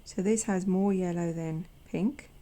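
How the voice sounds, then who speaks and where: A woman hosting a watercolor channel, chatting gently as she paints swatches, sometimes dropping to a soft near-whisper and making self-deprecating asides. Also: fairly low pitch, fairly even intonation, measured pace. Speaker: watercolor artist and channel host. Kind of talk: casual narration while painting swatches.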